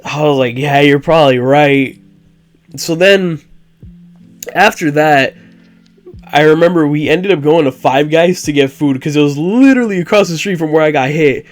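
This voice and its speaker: A young man recounts a story in a loose, rambling vlog style, leaning on "like" between phrases. His voice sits a little high for a man. Soft guitar music plays faintly underneath. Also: moderate pace. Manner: rambling, frequent "like" fillers. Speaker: vlogger. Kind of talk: casual storytelling.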